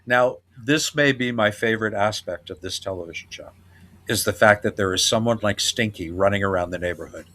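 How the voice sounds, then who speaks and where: A man's voice: fairly low pitch, brisk, sharp tone. Man gleefully recapping old comedy scenes. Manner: enthusiastic, laughs often while retelling scenes. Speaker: podcast host. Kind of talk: casual chat.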